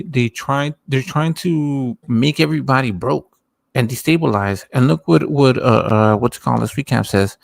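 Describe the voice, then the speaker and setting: Very gravelly man, halting speech. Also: mid-range voice, no room sound. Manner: halting, many restarts. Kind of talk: casual chat.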